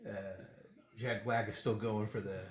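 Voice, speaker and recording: A man's voice: on the low side, level tone, unhurried. A middle-aged man hosting a casual chat during a tequila tasting, rambling and laughing often. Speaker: podcast host. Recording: echoey room.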